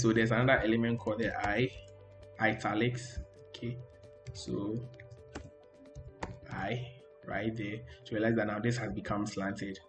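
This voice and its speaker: Roomy man teaching a coding tutorial. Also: lowish voice. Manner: loose, repetitive, frequent "okay, so". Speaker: coding instructor. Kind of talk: screen-recorded coding tutorial. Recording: roomy echo.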